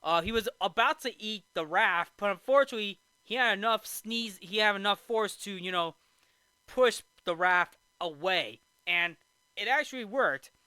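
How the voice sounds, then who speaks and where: A man's voice: high-pitched, normal speed, pushed and bright, clean tone, no echo. A man hosting a movie review show, casually recapping a film in a rambling way with restarts and asides.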